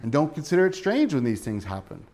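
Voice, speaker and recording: Male pastor, thirties, slightly high pitch; relaxed conversational sermon full of questions to the congregation. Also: fast talker.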